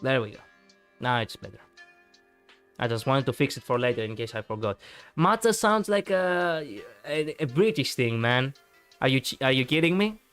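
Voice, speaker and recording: A man's voice: mid-range voice, animated, moderate pace, a bit bright, clear, resonant tone, faint music behind. A man chatting casually on a live stream, rambling and reacting to viewers with many fillers.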